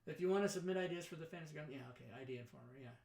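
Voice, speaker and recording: A man's voice: fairly high pitch, very fast, darkish tone. A man hosting a casual livestream talk show, chatting loosely with his viewers, running raffles and rambling between jokes. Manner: loose, rambling, joking with chat.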